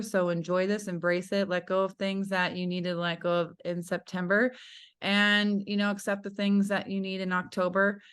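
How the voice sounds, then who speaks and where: A woman's voice: on the low side, a bit bright. A woman hosting a podcast, effusive and casual, swearing freely and peppering her talk with "like" and "you know". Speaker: podcast host.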